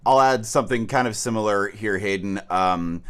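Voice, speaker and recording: A man's voice: fairly low pitch, moderate pace, fairly bright tone. A man coaching a student in a horn masterclass, talking casually with many "like"s and singing phrases to show them. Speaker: horn teacher.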